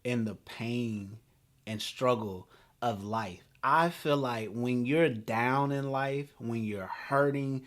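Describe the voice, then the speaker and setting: A man in his thirties hosting a talk show, telling a story in an animated, laughing way. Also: mid-range voice, slow. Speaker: podcast host.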